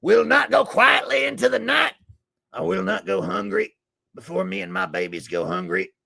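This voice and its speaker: A man's voice: high voice, big pitch swings, normal speed, creaky, pushed and bright, breathy edge, no room sound, pitched above the performer's own voice, exaggerated voice. A man doing an impression of a furious middle-aged conspiracy radio host, ranting and cursing in an unhinged bellow.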